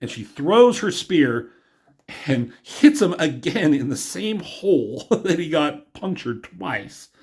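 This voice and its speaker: A man's voice: a little high, animated, slow, slightly rough. A man reviewing a comic book in a loose, rambling way, with lots of fillers and a chuckle now and then. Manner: rambling, filler-heavy, chuckles at his own jokes. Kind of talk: casual video review.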